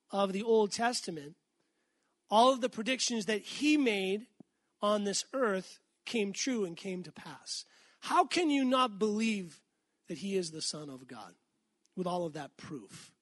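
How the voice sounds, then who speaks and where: A middle-aged man from Massachusetts preaching a conversational sermon, asking the congregation questions and slowing down when he reads scripture. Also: high-pitched, fairly bright tone, no room sound, clean studio sound. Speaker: pastor.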